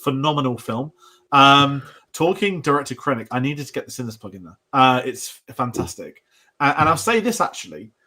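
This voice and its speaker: A man's voice: mid-range voice, big pitch swings, brisk, sharp tone. A young British man hosting a casual show discussion, rambling with restarts and asides. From Britain. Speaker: podcast host.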